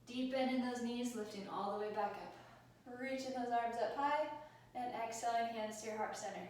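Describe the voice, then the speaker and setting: A woman leads a yoga class with calm, encouraging cues for each breath and movement. Her voice is fairly high and sits back from the mic. The room is very echoey, with a faint hiss underneath. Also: recorded from a distance. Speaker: yoga instructor. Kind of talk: guided yoga class instruction.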